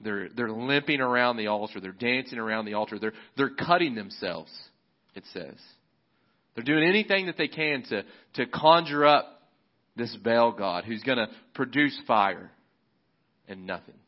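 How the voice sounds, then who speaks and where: A man's voice: medium pitch, lively intonation, moderate pace. A male pastor preaching a sermon in a casual, conversational storytelling manner. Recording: slightly muffled recording.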